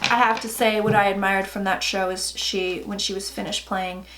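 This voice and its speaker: A woman's voice: medium pitch, little pitch movement, normal speed, fairly bright tone. A woman in her forties giving a casual tarot reading, chatty and blunt, swearing freely. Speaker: psychic tarot reader. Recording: echoey room with faint noise.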